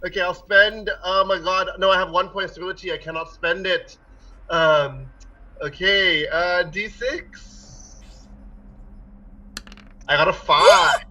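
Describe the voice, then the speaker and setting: A man playing a tabletop game, excitable and full of eager questions. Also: high voice, slow pace, long pauses, recorded from a distance, lo-fi sound. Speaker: player. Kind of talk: casual tabletop play.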